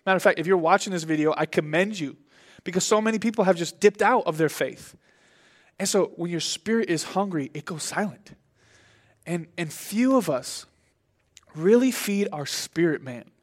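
A young man preaching a sermon as pastor, in an animated, conversational way with big swings in his voice. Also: sits high, moderate pace.

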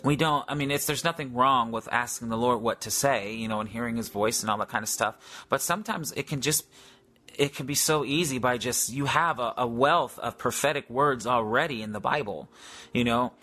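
A man's voice: medium pitch, normal speed, pushed and bright. A man telling a faith story in a casual, rambling way, full of fillers and restarts. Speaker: Christian speaker.

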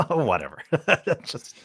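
A man's voice: fairly high pitch, a bit bright, slightly rough. A man co-hosting a podcast, teasing and laughing often in casual chat. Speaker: podcast co-host.

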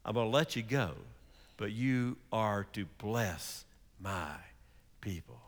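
A preacher doing a grave, hushed angel. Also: male voice, on the low side, expressive, takes it slowly, long reverb tail, pitched below the performer's own voice. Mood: stern.

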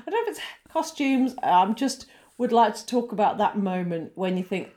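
Animated woman co-host, lively rises and falls, chatty and blunt. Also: medium pitch, moderate pace. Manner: animated, swearing, laughs often. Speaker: podcast co-host. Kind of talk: casual chat.

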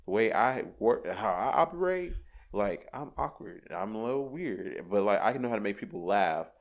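A young man, a podcast guest, talking in an animated, rambling way with many restarts. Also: on the low side, normal speed, vocal fry. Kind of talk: casual chat.

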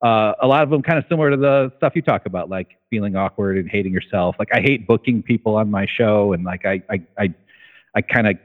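A man interviewing a guest in casual chat, halting and hesitant, often restarting his sentences. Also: lowish voice. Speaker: interviewer, host of own show. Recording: phone-like line.

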